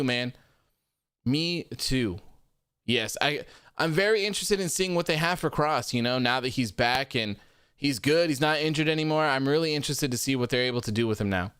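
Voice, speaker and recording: A man's voice: on the high side, fairly bright tone, clear, resonant tone, no echo, studio quality. A man hosting a wrestling post-show livestream, reading viewer comments aloud in a friendly, upbeat casual chat and thanking viewers often. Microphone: desk microphone.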